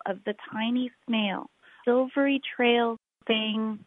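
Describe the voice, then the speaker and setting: Woman reading a rhyming picture book, slow and rhythmic, dry tinny sound. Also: medium pitch, dry recording. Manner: expressive, rhythmic read-aloud with drawn-out phrases. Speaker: storyteller. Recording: tinny phone-like recording.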